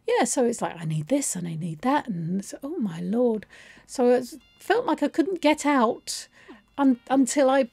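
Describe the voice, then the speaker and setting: A woman's voice: fairly high pitch, mellow, slight background noise. Chatty woman, rambling. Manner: chatty, rambling, self-deprecating. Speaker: let's play host. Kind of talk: casual storytelling over gameplay.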